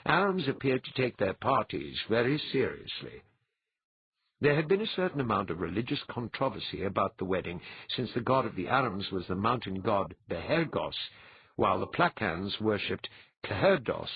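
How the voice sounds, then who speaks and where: A man narrating an audiobook in a measured storytelling manner, husky in tone. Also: on the low side, sing-song, no room sound, muffled recording. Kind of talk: scripted narration.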